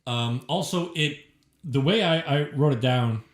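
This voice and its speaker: A man's voice: a little high, a little slow, roomy sound. A man co-hosting a podcast, reviewing movies in casual, profane, joking chat. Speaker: podcast co-host. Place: shared room, filmed.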